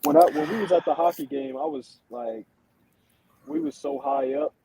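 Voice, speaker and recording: A man's voice: high-pitched, sing-song, quick pace, gravelly, mellow, a little hiss or hum, poor audio. A man co-hosting a podcast, chiming in with slangy, short casual remarks. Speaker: podcast co-host. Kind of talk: casual banter.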